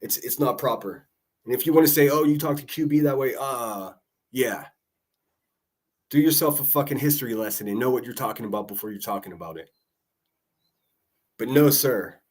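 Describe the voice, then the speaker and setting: A man's voice: mid-range voice, moderate pace, pauses often, darkish tone, breathy edge. A man hosting a livestream, talking casually and mocking people with profane insults. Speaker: livestream host.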